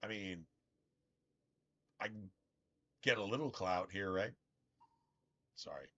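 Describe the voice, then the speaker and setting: A man's voice: lowish voice, measured pace, pushed and bright. A young man streaming a video game, chatting casually in a rambling, profane way and stumbling over his restarts. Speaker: gaming streamer. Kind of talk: casual chat over gameplay. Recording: dull lo-fi stream audio with faint game music.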